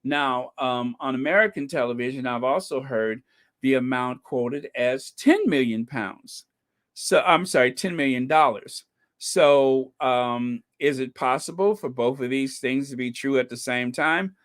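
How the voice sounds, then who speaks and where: A man's voice: mid-range voice, a little slow, a bit bright. A man hosting a casual live podcast, chatting with viewers, thanking them by name and dropping wry, laughing asides. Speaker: podcast host. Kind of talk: casual commentary on live stream.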